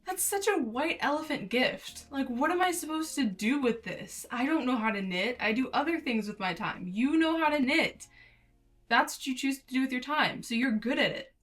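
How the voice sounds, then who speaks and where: Young woman, twenties, slightly high voice, casual reaction commentary, animated, slangy, faint background music. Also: normal speed. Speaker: YouTube host. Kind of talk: casual reaction commentary reading an online post aloud.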